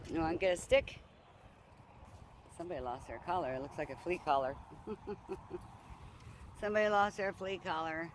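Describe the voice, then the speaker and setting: High-voiced man chatting to his dog. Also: moderate pace, pauses often, a little hiss or hum. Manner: playful, coaxing, talks to his dog in baby talk. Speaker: vlogger walking his dog. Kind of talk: casual chat to a dog. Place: outdoors by a lake on a walk.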